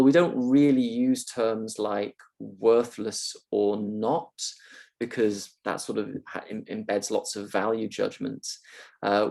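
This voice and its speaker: On a video call, a male university lecturer answers questions during a live online session, thoughtful and hesitant with lots of ums and uhs. His voice is lowish, gravelly, and a little mellow.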